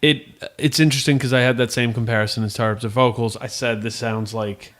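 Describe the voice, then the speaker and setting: A man co-hosting a podcast, chatting in a relaxed, agreeable way about records. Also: mid-range voice, a little fast. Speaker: podcast co-host. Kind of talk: casual chat about hardcore records.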